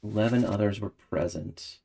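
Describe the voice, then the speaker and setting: A young man playing a puzzle game and talking his thoughts aloud, breaking into excited bursts. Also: fairly low pitch, moderate pace, vocal fry, a little hiss or hum. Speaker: gaming video host. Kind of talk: casual game commentary.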